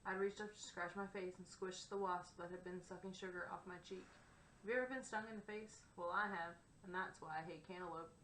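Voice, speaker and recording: A woman's voice: lowish voice, fairly even intonation, fairly quick, a bit bright. A woman narrating a first-person novel in a wry, conversational way. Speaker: audiobook narrator. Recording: roomy echo, faint background hiss.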